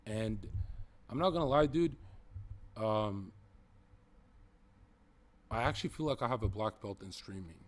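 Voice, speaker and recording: A man's voice: lowish voice, unhurried, pauses often. A young man livestreaming, talking to chat in a brash, swearing, provocative joking way. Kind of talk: casual stream chat.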